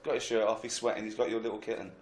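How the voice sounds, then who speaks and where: A man's voice: on the low side, flat delivery, very fast, reverberant. A man hosting a comic podcast, joking, laughing a lot and slipping into mock voices. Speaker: podcast host.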